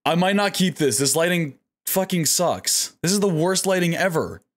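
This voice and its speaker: A man streaming a game live, his pitch swinging widely as he reacts. He talks to himself the whole time, swears freely, and coaxes himself through each attempt. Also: moderate pace. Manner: animated self-talk, frequent swearing.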